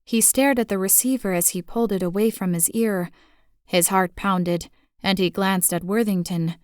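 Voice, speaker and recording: A woman reads a romantic suspense novel as a human audiobook narrator, in a steady, even storytelling voice. The recording is dry and close, with no room sound at all. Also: mid-range voice, moderate pace, dry recording.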